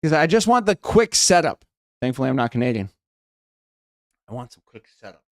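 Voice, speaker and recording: A man's voice: mid-range voice, big pitch swings, fairly quick, no room sound, studio quality. An American man rehearsing stand-up on a live stream, rambling and self-mocking and starting his lines over again and again. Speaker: streamer trying out stand-up jokes.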